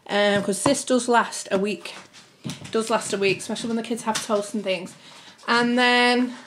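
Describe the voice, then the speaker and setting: A young British woman, a family vlogger, rambles chattily to camera at home about a family grocery haul, a bit out of breath and constantly saying "guys." Her voice is a little high, with background noise behind it.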